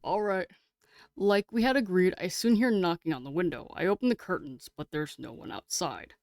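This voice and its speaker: A chatty woman streamer reads a game aloud and talks to her viewers, swearing casually as she gets excited. Her voice sits on the lower side. The recording is dry and close. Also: normal speed, no echo.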